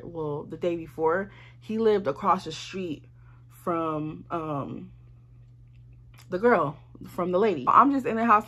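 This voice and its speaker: A young woman from Arizona telling a casual storytime, animated and blunt, swearing freely. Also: medium pitch, husky. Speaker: vlogger.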